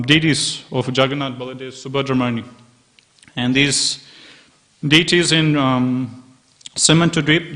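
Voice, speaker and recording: A man's voice: mid-range voice, fairly bright tone. A man giving a temple scripture class, telling devotional stories with quoted dialogue and lots of repetition. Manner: storytelling, retells scenes with quoted dialogue and repetition.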